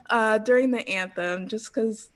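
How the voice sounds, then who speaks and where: Animated woman telling a story. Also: on the high side. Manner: animated storyteller, quoting herself, frequent "like" and laughs. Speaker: interview guest, former pro cheerleader. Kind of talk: casual interview storytelling.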